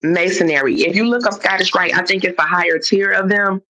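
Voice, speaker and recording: A woman's voice: lowish voice, fairly quick, crowd noise. A woman casually telling a long story on a live stream, acting out what others said. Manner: animated retelling that acts out others' lines. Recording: dull lo-fi stream audio.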